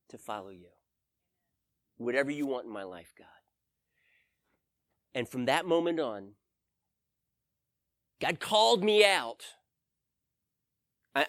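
A man delivers a sermon with a lively, swooping pitch. He tells a personal story and acts out his own pleading prayers in a raised voice. The sound is dry and close. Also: dry recording. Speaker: pastor.

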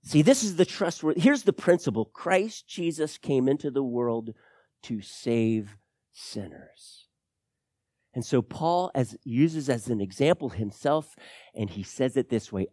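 A man preaching a sermon as pastor, teaching through scripture and swinging between loud emphatic lines and soft, low drops. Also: lively intonation, unhurried, dry recording, clean studio sound.

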